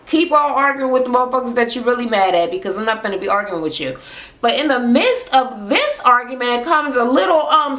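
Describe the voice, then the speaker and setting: A woman's voice: on the high side, fairly bright tone. Blunt, cussing woman vlogger in a roomy space. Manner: blunt, swears a lot, acts out quotes. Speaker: reality TV recap vlogger. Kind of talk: casual profane recap rant. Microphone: camera mic. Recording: roomy echo.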